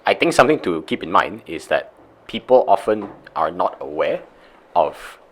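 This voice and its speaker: A young man co-hosting a podcast, giving his opinion in a measured, deliberate way. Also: sits low, big pitch swings. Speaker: podcast co-host. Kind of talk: casual chat.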